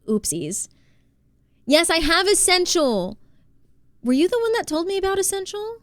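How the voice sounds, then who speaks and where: Very high and sing-song, this New Jersey woman's voice has no room sound as she streams herself playing. She chats casually, reads messages aloud, thanks her chat, and exclaims quickly.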